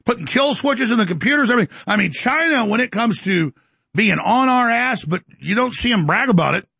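Gravelly, ranting male show host. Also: very high voice, expressive, brisk, pushed and bright, no echo. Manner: ranting, boastful, breaks into mocking voices. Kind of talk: heated political monologue.

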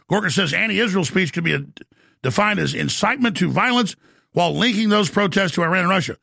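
Brief: male radio talk host, combative rapid rant, raspy-gravelly, close and dead-dry sound. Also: high voice, bright, forceful tone, no echo. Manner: rapid, combative, ranting delivery. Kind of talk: live call-in radio talk.

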